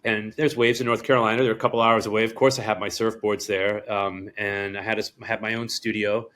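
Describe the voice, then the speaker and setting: A middle-aged surf shop owner from Rhode Island, United States, with a lowish, slightly fast voice, tells a story as a podcast guest. He rambles casually, acts out the people he quotes, and swears freely.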